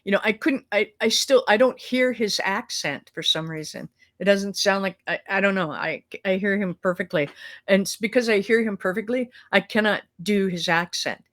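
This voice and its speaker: A middle-aged woman co-hosts a live talk show over a video call, chatting casually and rambling with fillers and restarts. She has a mid-range voice, a moderate pace, and a fairly bright tone.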